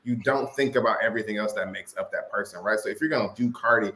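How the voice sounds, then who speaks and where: A man's voice: fairly low pitch, quick pace, pushed and bright, roomy sound. A man on a panel making his points emphatically in casual chat.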